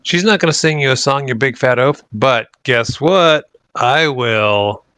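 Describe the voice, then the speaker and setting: A brash, cocky bard, voiced by a man with a bright, forceful edge. He throws a mocking taunt in a dry, close sound. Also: medium pitch, a little slow, clear, resonant tone, dry recording, voice pushed up, close to an everyday voice. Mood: defiant. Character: brash young male bard, defiant.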